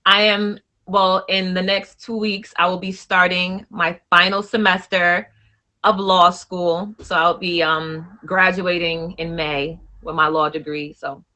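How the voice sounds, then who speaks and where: Bright-voiced playful young woman guest. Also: on the low side, flat delivery. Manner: playful, easygoing, quick to laugh along. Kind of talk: casual interview chat.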